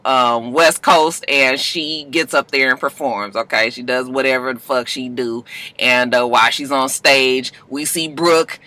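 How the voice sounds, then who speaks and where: A vlogger recapping a reality TV episode in a casual, animated way, full of cursing and sassy asides. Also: medium pitch, no echo.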